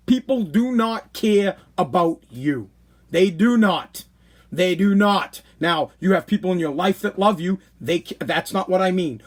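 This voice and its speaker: A middle-aged man with a notably high voice holds forth on his livestream podcast. He talks in a blunt, animated way, hammering his points home by repeating them. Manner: animated, blunt, preachy advice with many repetitions. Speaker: podcast host. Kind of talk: casual livestream monologue.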